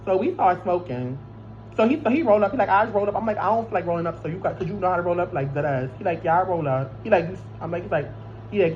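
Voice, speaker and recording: A young woman tells a long, rambling story in casual, profane talk, stumbling over restarts and fillers. Her voice sits at an ordinary middle pitch. The recording is a little dull and lo-fi, with a faint hiss behind it. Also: animated, fast talker, a little mellow. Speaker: vlogger. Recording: slightly dull lo-fi sound with faint noise.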